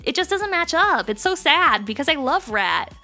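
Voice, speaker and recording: A young woman streaming live, chatting casually with her chat, bubbly and prone to sudden excited squeals. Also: sits high, moderate pace, soft background music. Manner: bubbly, reads and answers chat, jumps to squeals.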